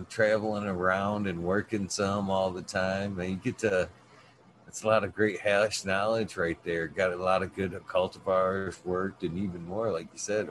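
A man in relaxed conversation, earnest and full of fillers. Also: low voice, a little hiss or hum. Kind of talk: casual conversation.

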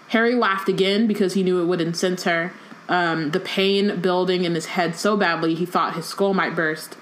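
A woman's voice: lowish voice, fairly even intonation, moderate pace, a bit bright, slight background noise, rough recording. A woman reading a book passage aloud on a casual podcast, with plain reading and fillers between lines. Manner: reads quotes plainly with fillers.

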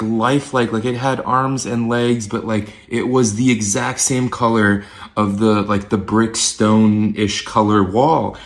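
A young man, a podcast host, telling a story casually, rambling with lots of filler words. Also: fairly low pitch.

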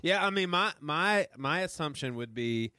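A man's voice: a little high, lively intonation, moderate pace, bright, forceful tone, clear, resonant tone, dry recording, clean studio sound. A man hosting a podcast, speaking in an earnest, heartfelt way. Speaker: podcast host. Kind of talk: casual podcast conversation.

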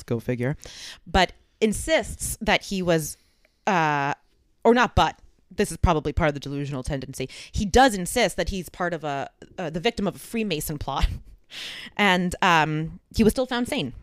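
A man's voice: a little high, a bit bright, clear, resonant tone, no room sound. A man hosting a podcast, telling a true crime story with dry asides and fillers. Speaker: podcast host.

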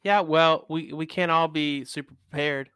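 A man's voice: on the high side, steady tone, normal speed, a bit bright, clean tone, dry recording, clean studio sound. A man co-hosting a podcast, blunt and profane, laughing often. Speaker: podcast co-host. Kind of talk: casual chat.

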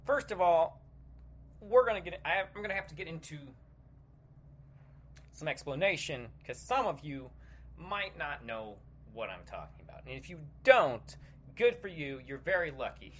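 A man's voice: on the high side, big pitch swings, normal speed, a bit bright, breathy edge. A man hosting a comedy podcast, talking in an irreverent, crude joking way. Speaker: podcast host.

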